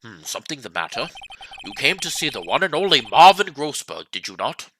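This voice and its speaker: A man's voice: medium pitch, very animated, a little fast, fairly bright tone, a little hiss or hum. A man voicing a pompous, flustered older male lawyer in a game let's play, blustering and dodging questions.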